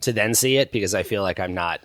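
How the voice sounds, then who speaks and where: A man's voice: lowish voice, fast, a bit bright, no room sound, studio quality. A man in his thirties chatting as a podcast guest, rambling through stories with lots of fillers and restarts. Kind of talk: casual chat.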